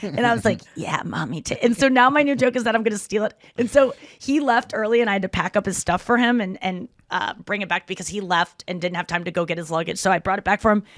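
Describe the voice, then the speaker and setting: A woman's voice: medium pitch, quick pace, hardly any pauses, dry recording, clean studio sound. A woman hosting a podcast in casual chat, telling stories animatedly and acting out quoted lines. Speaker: podcast host.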